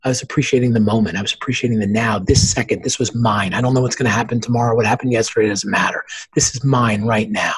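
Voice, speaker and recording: A man's voice: on the low side, brisk, vocal fry, husky, poor audio. A man in his forties, a podcast guest, telling a personal story in an earnest, emphatic way.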